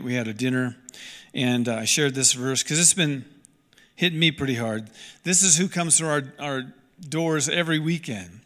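A man's voice: fairly high pitch, sharp tone, long reverb tail. A man preaching a sermon as a pastor, earnest and emphatic, repeating key lines and restarting sentences as he goes.

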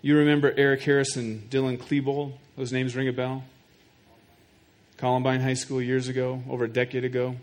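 A man's voice: mid-range voice, level tone, fairly quick, darkish tone. A middle-aged man preaching a sermon to his congregation. He talks earnestly, often repeats a word as he builds a point, and puts questions straight to his listeners. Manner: speaks directly to the congregation with questions. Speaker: pastor.

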